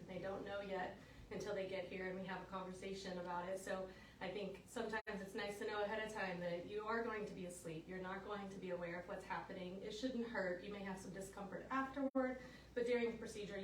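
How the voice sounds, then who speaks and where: A woman working as a nurse anesthetist, calmly and clearly explaining what patients can expect. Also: mid-range voice, quick pace, a little hiss or hum. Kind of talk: casual chat. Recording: echoey room, mic at a distance.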